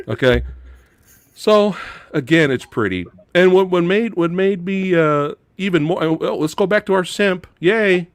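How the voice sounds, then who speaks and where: A man co-hosting a casual movie review chat, ranting with animated delivery and mocking impressions. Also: high voice, a little slow. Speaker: podcast co-host.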